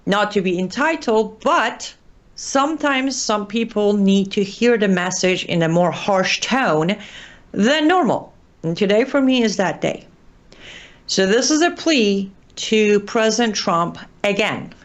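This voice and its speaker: A woman's voice: medium pitch, expressive, measured pace. A woman from Iran hosting an online show, giving earnest, pleading political commentary while exhausted and short on sleep.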